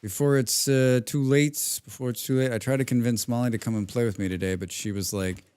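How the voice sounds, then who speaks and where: A man's voice: medium pitch, fairly even intonation, fairly quick, darkish tone, clean tone. A man in mid-range voice talking his way through a live gaming stream. He rambles from thought to thought, hums little nonsense sounds under his breath and drops the occasional casual swear. The tone stays loose and conversational throughout. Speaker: game streamer. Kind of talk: casual live-stream chat while playing.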